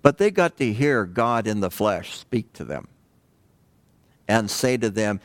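A man preaching a sermon in a conversational way, pausing often and asking the congregation rhetorical questions. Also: fairly low pitch, animated, no echo. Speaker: pastor.

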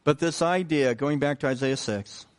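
This male pastor's voice sits fairly high as he delivers an unhurried, conversational sermon. Fillers, restarts and repetition run through his speech, and he often asks the listeners questions.

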